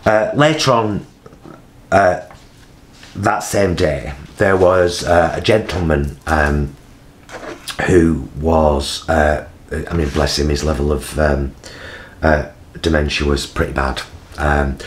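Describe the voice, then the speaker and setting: A man, telling a personal story in a vlog, halting with many fillers and acting out other people's voices. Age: 50s. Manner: acts out voices of people in his story with big jumps in pitch. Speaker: vlogger.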